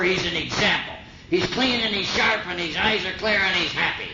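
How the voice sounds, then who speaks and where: Man sharing his story on old tape. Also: high-pitched. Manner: folksy, earnest storytelling with slang. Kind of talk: recovery meeting talk. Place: meeting hall. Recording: old 1950s tape, roomy and muffled with hiss.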